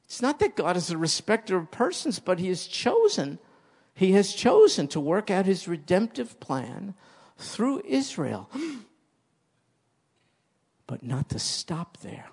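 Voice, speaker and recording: A man's voice: sits high, huge pitch swings, measured pace, vocal fry, long pauses, a little mellow, husky. A man preaching a sermon as pastor, emphatic and repeating key phrases for stress.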